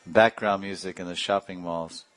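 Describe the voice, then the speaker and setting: A man's voice: low-pitched, fairly even intonation, moderate pace, fairly bright tone, dry recording. A man teaching a devotional class, telling stories animatedly with imitated sounds and chuckling asides. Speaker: spiritual teacher.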